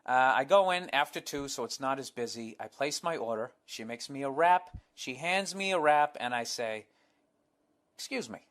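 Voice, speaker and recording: A man's voice: medium pitch, lively intonation, normal speed, hardly any pauses, a bit bright. A man with a Boston accent hosting a podcast, reading a listener's letter and answering it in a blunt, sarcastic, profane monologue. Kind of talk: casual comedic podcast monologue.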